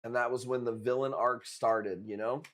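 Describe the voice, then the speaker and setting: A man hosts a live coral sale. He talks in a laid-back, unhurried way, swears often and leans on street slang, with his voice sitting at an ordinary middle pitch. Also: fairly even intonation. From Chicago. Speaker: live-stream coral seller. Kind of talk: casual live-stream chat.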